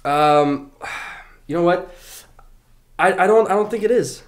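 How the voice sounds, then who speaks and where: A man who is a guest on a casual podcast, relaxed, thinking aloud and searching for his words. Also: high voice, a little slow. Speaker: podcast guest, internet comedian.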